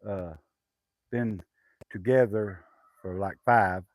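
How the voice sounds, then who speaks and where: A man's voice: on the low side, fairly even intonation, takes it slowly, no echo. An older man with a Southern accent, chatting casually on a homestead live stream, rambling with lots of fillers and restarts. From Southwest Arkansas, USA. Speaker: homesteader livestreaming. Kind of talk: casual live-stream chat reading comments. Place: outdoors on a rural homestead.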